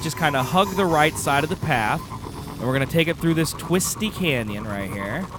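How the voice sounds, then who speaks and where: A man's voice: a little high, noisy background. A man giving a casual gameplay walkthrough, with wry, sarcastic asides. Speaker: game guide host.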